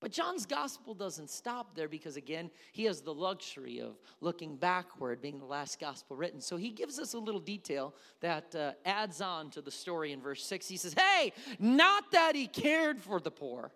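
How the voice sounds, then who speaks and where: A man preaching a sermon in a church, telling the story in an animated way and asking the congregation questions. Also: on the high side, moderate pace, hardly any pauses. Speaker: pastor. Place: church hall. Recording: long hall reverb.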